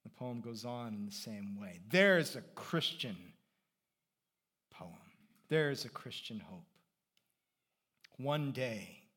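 In a medium-pitched voice, a middle-aged pastor gives a conversational sermon. His delivery shifts from loud emphasis to quiet reflection.

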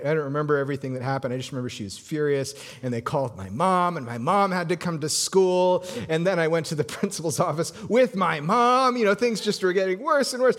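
Storytelling male pastor with hushed asides. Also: on the high side. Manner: storytelling with many restarts, drops to soft hushed tones for emphasis. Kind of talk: sermon.

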